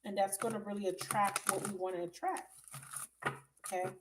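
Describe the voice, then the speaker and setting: A woman's voice: mid-range voice, steady tone, moderate pace, heavy background noise. A woman reading tarot for viewers on a live stream, chatty and blunt, swearing freely and calling them baby. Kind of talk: casual live reading chat. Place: at home.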